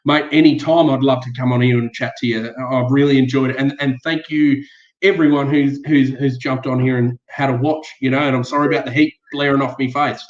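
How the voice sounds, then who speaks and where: A man's voice: mid-range voice, steady tone, a little fast. An Australian man guesting on a casual live-stream chat, earnest and blunt with plenty of swearing. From Western Australia. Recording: echoey dull video call.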